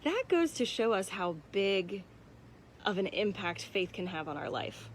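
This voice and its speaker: A woman's voice: mid-range voice, big pitch swings, a little slow. Casual young woman giving a devotional. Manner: conversational, frequent "um" and "like", personal and candid. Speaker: church devotional speaker. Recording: faint background noise.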